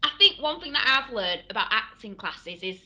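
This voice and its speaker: A woman's voice: on the high side, sing-song, normal speed, bright, forceful tone. A woman actor and presenter chatting animatedly as an interview guest. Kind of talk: casual interview chat.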